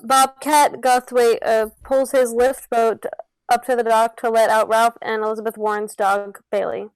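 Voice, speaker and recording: A woman's voice: fairly high pitch, little pitch movement, moderate pace, smooth, no echo, poor audio. A woman reading out stage directions for a comedy podcast script reading on a close mic. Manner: reads stage directions with giggles. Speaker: narrator.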